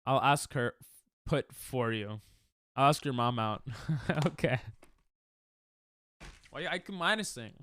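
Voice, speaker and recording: Casting note: sick New guy, livestreaming a game and joking with chat, smooth voice, very lively pitch, dry close mic. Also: measured pace, long pauses, no room sound. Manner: casual, jokey, reads and answers chat. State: sick, coughing. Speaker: streamer. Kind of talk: live-stream gaming chat.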